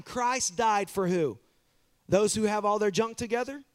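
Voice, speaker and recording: High-voiced pastor preaching animatedly. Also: male voice, unhurried. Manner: animated, repeats words, talks straight to the congregation. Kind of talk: sermon. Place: church.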